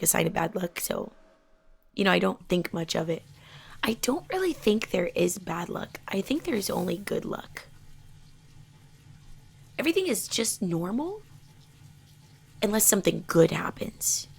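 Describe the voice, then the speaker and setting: Soft, gravelly woman gamer. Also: lowish voice, very animated, unhurried, long pauses. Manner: soft-spoken, often drops to a near whisper. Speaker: gaming channel host. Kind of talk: relaxed chat while playing a game.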